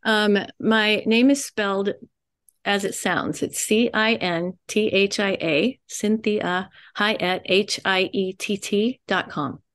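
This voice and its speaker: A middle-aged woman life coach speaking as a guest, expressive and animated, often laughing and acting out quoted voices. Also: mid-range voice, takes it slowly. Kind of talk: animated interview talk.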